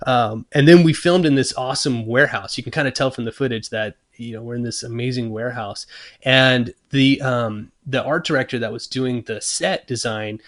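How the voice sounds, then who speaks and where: A guitar-making guest in casual interview conversation, telling a story with lots of fillers and restarts, acting out his own thoughts. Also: mid-range voice. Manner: animated, acts out his own thoughts and quotes. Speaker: guest luthier.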